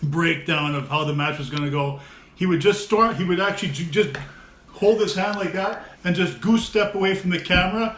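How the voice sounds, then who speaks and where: A man chatting casually with friends, an animated storyteller who laughs often. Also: sits high, moderate pace. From America. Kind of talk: casual chat. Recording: echoey room with faint noise.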